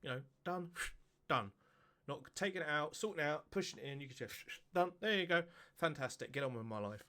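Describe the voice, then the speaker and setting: A man's voice: a little high, animated, fairly quick, pushed and bright. Sweary laughing man reacting. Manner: swearing, laughing, doing silly voices. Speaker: reaction video host. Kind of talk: casual reaction commentary.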